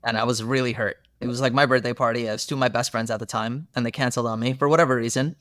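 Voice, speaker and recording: A man's voice: medium pitch, very fast, dry recording. Earnest young man, dry close mic. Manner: earnest, animated storytelling with many fillers. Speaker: therapist guest. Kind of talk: casual podcast conversation.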